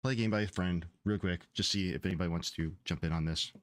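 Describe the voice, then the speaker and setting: A man's voice: low-pitched, quick pace. A man streaming his game development, chatting casually in a rambling, profane, exasperated way. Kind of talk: casual livestream chat.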